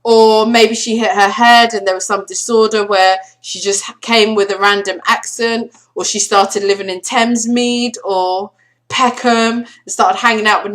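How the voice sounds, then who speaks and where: A woman giving a casual film review vlog, animated and sarcastic, leaning hard on her emphasis. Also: mid-range voice.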